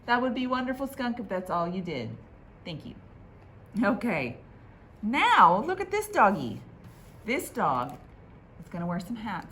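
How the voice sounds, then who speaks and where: A woman librarian reading picture books aloud at a children's storytime, in an expressive, sing-song manner. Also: medium pitch, unhurried, pauses often, a little hiss or hum.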